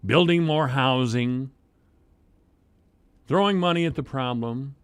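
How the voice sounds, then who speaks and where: A man hosting talk radio with a Midwestern American accent, delivering a heated, sarcastic opinion monologue that swings between loud outbursts and low muttering. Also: takes it slowly, clean tone. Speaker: radio talk show host.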